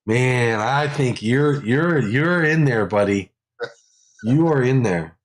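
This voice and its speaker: A man's voice: medium pitch, lively intonation, slow. A man hosting a live technical webinar in a casual way. He rambles, repeats phrases and laughs often. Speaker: livestream host.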